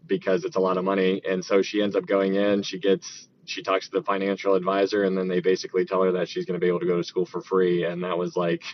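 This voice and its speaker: A man hosting a live stream in a casual, upbeat way, greeting viewers by name. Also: lowish voice. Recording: dull lo-fi stream audio with faint noise.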